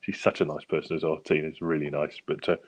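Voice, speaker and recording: A man's voice: extremely low pitch, flat delivery, quick pace. A British man co-hosting a casual chat show who laughs a lot and tells anecdotes. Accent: British English. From England. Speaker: podcast co-host.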